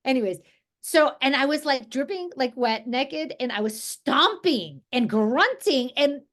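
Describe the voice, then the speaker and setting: A woman from New Jersey leading an energy healing group over a video call, talking in a relaxed, rambling way with many restarts. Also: high voice, measured pace. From New Jersey, USA. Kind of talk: casual guided group talk.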